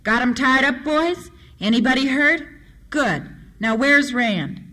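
A narrator putting on a booming, hearty sheriff. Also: expressive, normal speed, fairly bright tone. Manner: hearty, folksy. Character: big-voiced booming male sheriff.

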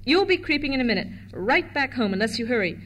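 Snappy stuck-up governess lady, a woman reading it out, bossy and brisk, fairly high voice. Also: a bit bright. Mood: haughty, brisk. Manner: snappish, commanding.

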